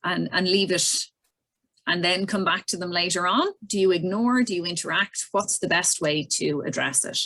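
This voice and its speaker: A woman's voice: lowish voice, normal speed, bright, forceful tone. A woman interviewer asking short practical questions about parenting.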